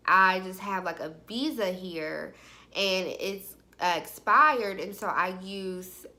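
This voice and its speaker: A young woman quoting a nervous young man in a quiet, halting way. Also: mid-range voice, voice pushed down. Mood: hesitant.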